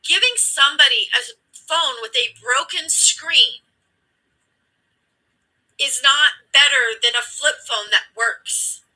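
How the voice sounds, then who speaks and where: A woman's voice: high voice, takes it slowly, long pauses, bright, forceful tone, low-quality recording. A woman host telling a story with emphatic, blunt, profane delivery, acting out the dialogue as she goes. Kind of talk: impassioned storytelling commentary.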